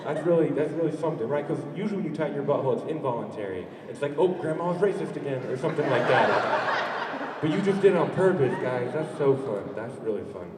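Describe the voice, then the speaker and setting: A man's voice: medium pitch, animated, fast talker, noisy background. A male stand-up comedian performing a live set in a warehouse, playfully teasing the audience. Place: warehouse venue. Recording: echoey warehouse, far mic, loud crowd.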